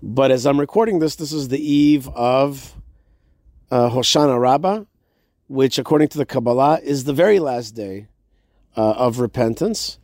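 A man hosting his own show, talking in a relaxed, halting way with many pauses. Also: mid-range voice, no room sound, clean studio sound. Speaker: radio show host. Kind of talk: casual chat. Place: home sukkah.

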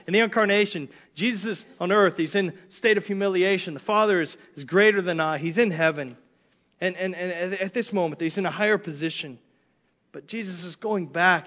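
A man preaching an expository sermon, earnest, with frequent restarts and rising emphasis on key points. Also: fairly high pitch. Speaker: pastor. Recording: dull lo-fi sound.

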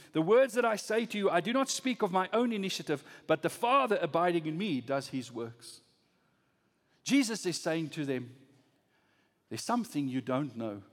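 Guy preaching in a church hall, pretty high voice, goes big then drops real quiet, echoey. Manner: dramatic swings from loud rising emphasis to low soft voicing. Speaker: pastor. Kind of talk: sermon.

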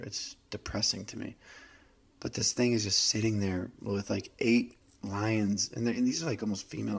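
A man's voice: lowish voice, vocal fry, husky. A man giving a casual motivational monologue, rambling through a story with many restarts and fillers.

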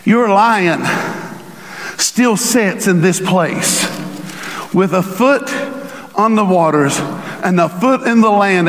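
A man preaching a sermon as pastor, swinging between emphatic shouts and slow, drawn-out lines. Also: high voice, slight background noise. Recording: long hall reverb.

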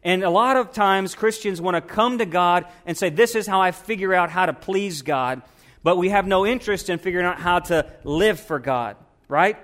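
A man's voice: high-pitched, moderate pace, a bit bright. A man, a pastor, preaching a sermon and asking his congregation questions.

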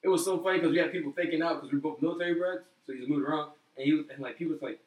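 A young man chats casually, telling stories animatedly and acting out the quotes. His fairly high voice races along with hardly any pauses, recorded from far off the mic in a roomy space.

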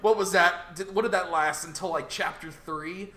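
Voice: mid-range voice, fairly even intonation, moderate pace, sharp tone. Laid-back, amused tabletop player. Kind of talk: casual chat.

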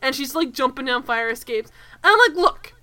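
A woman's voice: sits high, lively intonation, a little fast, sharp tone. A woman co-hosting a podcast in casual chat, ranting with animation, swearing and laughing as she talks. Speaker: podcast co-host.

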